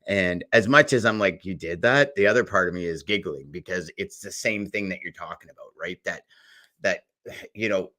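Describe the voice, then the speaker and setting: A low-pitched male podcast host with a bright, forceful tone. He talks conversationally and tells animated stories, slipping into voices for the people in them. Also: moderate pace. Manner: animated storyteller, acts out voices in anecdotes.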